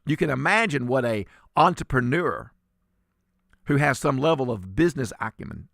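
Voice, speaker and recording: Emphatic, lively talk-radio host man. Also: on the high side, no echo, clean studio sound. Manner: emphatic, sarcastic, repeats words.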